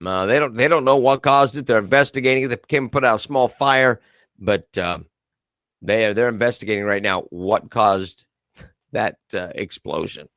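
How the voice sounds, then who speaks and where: A man's voice: fairly low pitch, moderate pace, fairly bright tone, no room sound, clean studio sound. A man hosting a casual live commentary show, reading viewer comments and news aloud with a sarcastic edge. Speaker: host.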